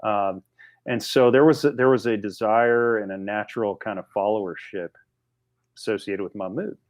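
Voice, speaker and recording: A man in his forties, a podcast guest telling a story in a casual, animated way with frequent restarts. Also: fairly low pitch, moderate pace. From United States.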